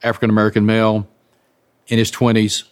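A man's voice: lowish voice, completely flat delivery, fast. A man speaking as a police investigator, describing a case in a matter-of-fact way. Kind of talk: interview account of a case.

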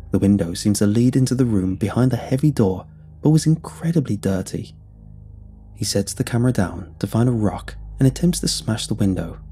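A man narrating a scripted horror story in a measured, deliberate way. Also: fairly low pitch, warm tone. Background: faint music.

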